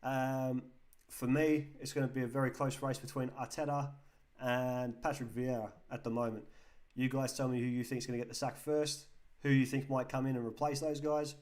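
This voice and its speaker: English male stream host, relaxed and chatty, reads out and answers chat comments. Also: medium pitch, moderate pace. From England. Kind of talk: casual live-stream chat reading comments.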